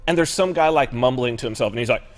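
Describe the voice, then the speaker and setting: A man's voice: mid-range voice, fast talker. A man hosting a live talk show, chatting casually, swearing freely and acting out other people in exaggerated voices. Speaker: show host.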